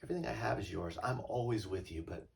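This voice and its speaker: A man voicing a generous, loving father from a parable, gently pleading with his son. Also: fast, creaky, recorded from a distance. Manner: pleading, raised pitch but soft.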